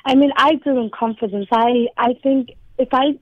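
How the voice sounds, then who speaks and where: A woman's voice: high-pitched, moderate pace, dry recording. A young woman from Liverpool with a Scouse accent, talking hesitantly with many ums as a guest on a radio interview. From Liverpool, England. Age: young adult. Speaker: poet and spoken word performer. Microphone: phone call. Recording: tinny dry phone line.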